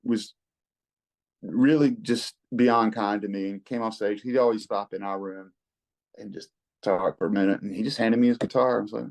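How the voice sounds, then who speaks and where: A middle-aged man, a rock singer-songwriter telling stories in a relaxed interview, folksy and quick to chuckle. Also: lowish voice, creaky, rough recording. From American South. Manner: laid-back, folksy, chuckles often, repeats words when excited.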